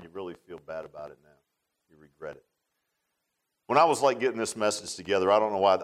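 Folksy preacher telling a story. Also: male voice, lowish voice, low-quality recording. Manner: folksy storytelling, swings from loud to hushed. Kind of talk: sermon.

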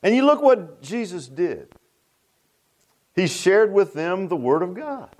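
A pastor delivering a sermon in a fairly high, emphatic voice. He preaches in a folksy way, circles back on his own phrases and laughs at his own asides. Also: very animated, takes it slowly, darkish tone.

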